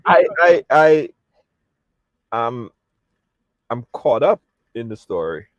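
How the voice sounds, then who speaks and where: A man's voice: medium pitch, big pitch swings, takes it slowly. A man hosting an interview, attentively summarizing the guest's story before asking his question. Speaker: interviewer host. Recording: dull dry lo-fi recording.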